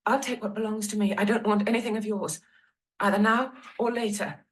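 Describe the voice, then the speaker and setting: An actress playing a young Victorian wife who speaks in a calm, firm, resolute way. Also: female voice, medium pitch, a little fast, slightly rough, natural voice, low-quality recording. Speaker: actress in a filmed play.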